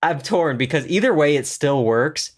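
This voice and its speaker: A man's voice: fairly high pitch, animated, normal speed. A man co-hosting a podcast, chatting casually and enthusiastically about a TV episode, with many fillers and restarts. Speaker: podcast co-host. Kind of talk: casual TV review chat.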